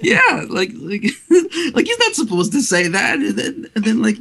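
A young man with a gravelly, rather high voice talks casually as a guest. He stumbles through restarts and breaks into laughter often. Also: wildly swooping pitch, moderate pace, pushed and bright. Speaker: interview guest, video maker. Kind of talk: casual chat.

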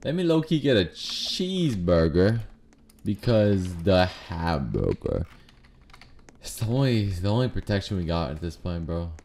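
A man giving live gameplay commentary, trash-talking and swearing, swinging between low muttering and sudden shouts. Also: very animated, a little slow, background noise. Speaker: gaming YouTuber. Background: faint keyboard clicks and typing.

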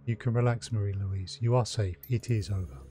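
A man's voice: lowish voice, steady tone, dark tone, soft background music, natural voice. Icy elf patriarch in a video game, formal and controlled, read by a man. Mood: cold. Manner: icy, measured and commanding. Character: cold, formal, wealthy elf father.

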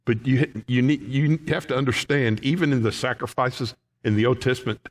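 A middle-aged man preaches a Bible study in a loose, talky way. He laughs through his stories and keeps checking in with his listeners. His voice sits in an ordinary middle pitch. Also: fairly quick. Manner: chatty, laughs often, keeps asking "okay?". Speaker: pastor.

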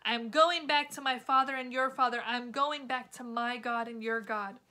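A woman's voice: fairly high pitch, fairly even intonation, normal speed. A woman voicing the risen Jesus, a loving, triumphant grown man, in a children's Bible lesson. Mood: gentle. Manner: exuberant, shouting praise.

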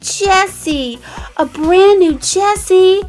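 A woman unboxes toys for children in an excited, animated way, gasping and calling out to the viewers. Her voice sits high and her pace is slow and careful. Faint music plays behind her. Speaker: toy channel host.

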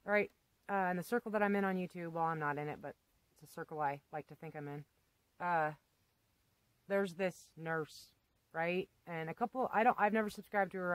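A woman talks straight to her camera in a blunt, rambling rant, swearing casually and hammering her points with emphatic asides. Her voice sits at an ordinary middle pitch, and it sounds close and dry, with no room around it. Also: dry recording, rough recording. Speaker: vlogger.

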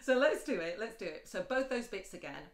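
A woman's voice: expressive, a little fast, reverberant. A woman teaching singing, chatty and encouraging, talking straight to the viewer. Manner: switches between speech and light, high sung lines. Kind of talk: singing lesson with sung demonstrations.

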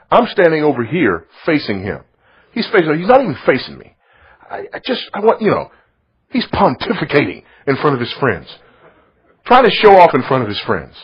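A middle-aged man preaching, telling a story in a sermon, swinging from loud to hushed. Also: medium pitch, husky. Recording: dull lo-fi recording.

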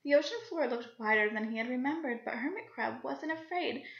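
A woman reading a children's picture book aloud with lively character voices and little asides to young listeners. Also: high-pitched, brisk, creaky. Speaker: children's story reader. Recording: lo-fi recording in an echoey room.

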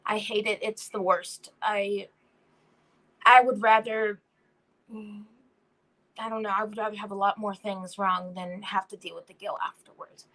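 A young woman speaking as a guest in a slow, heartfelt way about her own feelings. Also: medium pitch, level tone, sharp tone, poor audio. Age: young adult. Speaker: guest, daughter. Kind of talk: personal testimony.

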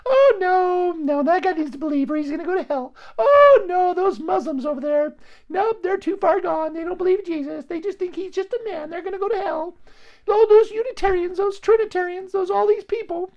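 A shrill sanctimonious churchgoer. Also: male voice, moderate pace, darkish tone, lo-fi sound. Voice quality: high squeaky mocking falsetto. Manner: whiny, sanctimonious, dismissive. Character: shrill self-righteous churchgoer judging everyone.

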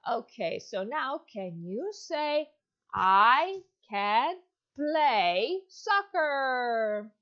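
This is a lively woman in her thirties, an ESL teacher running a demo online lesson for a child. She talks slowly in an exaggerated, encouraging manner with plenty of praise, her voice a little high and the audio dull.

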